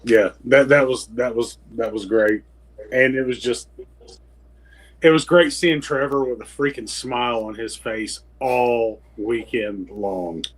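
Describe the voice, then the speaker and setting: A man's voice: mid-range voice, a little slow, husky, rough recording. A man co-hosting a podcast, chatting casually with friends, joking and trailing off into restarts. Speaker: podcast co-host. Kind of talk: casual chat.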